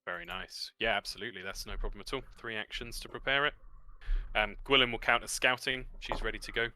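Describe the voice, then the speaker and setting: A man's voice: lowish voice, steady tone, fast, sharp tone, a little hiss or hum. A man narrating as game master of a tabletop role-playing game, describing scenes vividly and adding sound effects.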